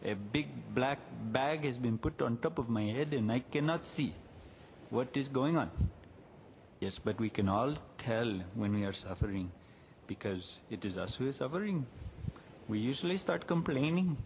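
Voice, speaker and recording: A man hosting a podcast, talking calmly and unhurriedly in a reflective monologue, lingering on words. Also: medium pitch, normal speed, slight background noise. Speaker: podcast host.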